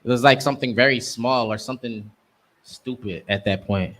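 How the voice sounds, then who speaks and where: Young man, scripture class teacher, emphatic street-slang preaching, everyday mid pitch. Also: normal speed, fairly bright tone. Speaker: class instructor.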